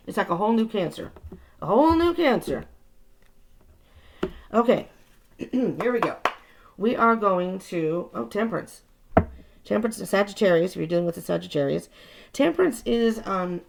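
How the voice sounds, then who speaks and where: A woman's voice: lowish voice, gravelly, noisy background. A woman giving a casual, chatty tarot reading, talking reassuringly and often restarting her sentences, and sounding a little tired. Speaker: tarot reader.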